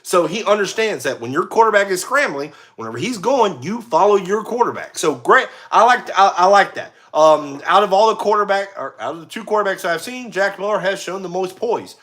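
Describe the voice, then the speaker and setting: A young American man giving casual play-by-play commentary, excitable, shouting on big plays and laughing at his own slips. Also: sits high, fairly quick, hardly any pauses. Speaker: amateur sports commentator.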